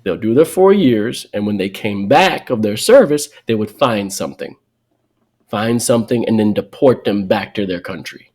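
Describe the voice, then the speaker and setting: A man's voice: fairly low pitch, moderate pace. A man, a comedian telling stories as a podcast guest, acting out the people he quotes. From New York. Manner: lively, acts out quoted people. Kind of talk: animated podcast storytelling.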